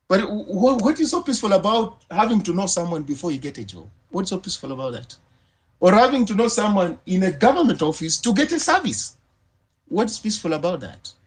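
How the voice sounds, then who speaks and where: A man on a discussion panel, arguing forcefully with repeated rhetorical questions. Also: high-pitched, slightly rough. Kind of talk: impassioned debate argument.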